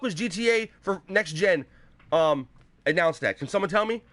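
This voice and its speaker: Angry, profane high-voiced male host. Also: lively intonation, normal speed, no room sound. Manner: angry, profane, shouting at times. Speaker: host of a live gaming show. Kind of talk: live ranting commentary. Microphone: headset.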